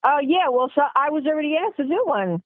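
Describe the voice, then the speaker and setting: A woman's voice: sits high, lively intonation, a little fast, crowd noise. A woman from New York, a guest actress chatting casually in an interview, rambling with lots of fillers. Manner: rambling, heavy use of fillers like "like" and "you know". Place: remote call from home city. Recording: tinny phone line, dry.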